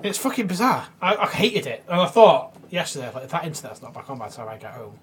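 A man, co-hosting a crude comedy podcast and telling animated stories full of swearing. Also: a little high, quick pace, husky. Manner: animated storyteller, swears freely. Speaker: podcast co-host.

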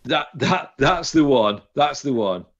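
A man's voice: mid-range voice, animated, takes it slowly, muffled recording, a loud crowd. A man, hosting a casual podcast chat and rambling through restarts. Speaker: podcast host.

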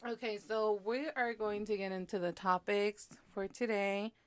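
A woman co-host in a casual chat, relaxed and easygoing. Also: mid-range voice, normal speed, dry recording.

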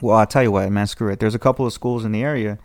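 A man's voice: fairly low pitch, fairly even intonation, rapid-fire, no echo. A young man with a Californian accent telling a long rambling story in casual chat, acting out the voices of people in it. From Southern California. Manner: rambling, with restarts and acted quotes. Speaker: podcast guest telling a story.

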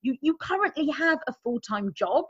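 A woman hosting an interview podcast, speaking in an enthusiastic, chatty way with quick restarts. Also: high voice, expressive, a bit bright. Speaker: podcast host. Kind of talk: upbeat interview chat. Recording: dull lo-fi audio.

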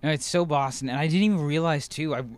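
A young man co-hosting a casual movie podcast, talking excitedly with lots of fillers and restarts. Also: on the high side, fast, dry recording. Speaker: podcast co-host.

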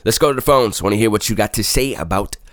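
A man hosting a call-in show, speaking haltingly and often repeating his words. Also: on the low side, heavy background noise. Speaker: radio show host.

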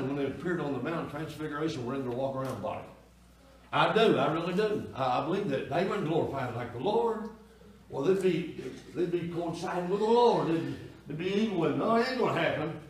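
A man, a pastor preaching a folksy sermon in a church that swells into loud cries. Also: on the high side, lively intonation, quick pace. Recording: echoey church room from far off.

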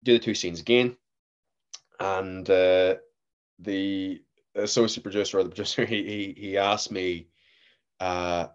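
A young man with a very low voice tells a story in easy, relaxed chat. He leans on fillers and laughs as he goes. The recording sounds a bit dull and muffled. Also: a little slow, pauses often, smooth. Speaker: actor, guest. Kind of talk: casual chat.

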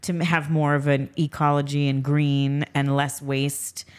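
A woman hosting a podcast, chatting casually and telling stories with lively acted-out dialogue and frequent laughter. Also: low voice, unhurried, clean tone. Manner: animated, acts out quoted dialogue, laughs often. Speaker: podcast host and skincare business owner. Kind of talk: casual storytelling chat.

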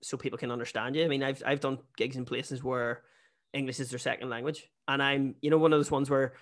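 A man's voice: medium pitch, flat delivery, fast talker. Chatty Northern Irish man from Newry. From Northern Ireland. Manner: chatty, self-deprecating, lots of restarts. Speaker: stand-up comedian guest. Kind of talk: casual podcast chat.

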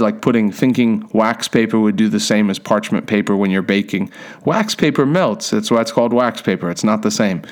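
Man, lower register, casual self-deprecating anecdote teller, loose conversational delivery. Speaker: storyteller.

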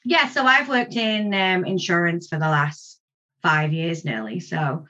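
A woman's voice: lowish voice, measured pace, pushed and bright, dull audio. A woman from England, chatting as a podcast guest over a video call and laughing easily. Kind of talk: casual chat.

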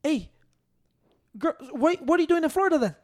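A man's voice: very high voice, expressive, a little fast. A man co-hosting a casual chat, ranting and opinionated, swearing and restarting his sentences. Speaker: podcast co-host.

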